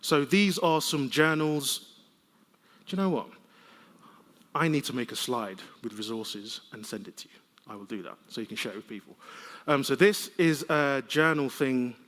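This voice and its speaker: A man giving a conference keynote, telling lively, conversational stories with humor. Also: mid-range voice. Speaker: keynote speaker. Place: large conference hall. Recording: long reverb of a conference hall.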